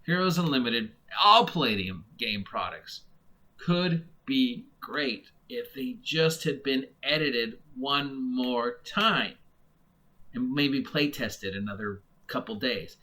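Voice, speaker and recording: A man's voice: medium pitch, lively intonation, slow, pushed and bright. A man giving a casual, rambling monologue as a game reviewer, full of fillers and restarts. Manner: mock voices when imitating others.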